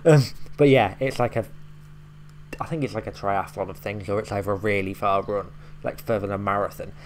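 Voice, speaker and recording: A man's voice: lowish voice, steady tone, a little fast, a little hiss or hum. A man hosting a reaction video, casually explaining each line with loose fillers and the odd swear. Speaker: YouTube reaction host.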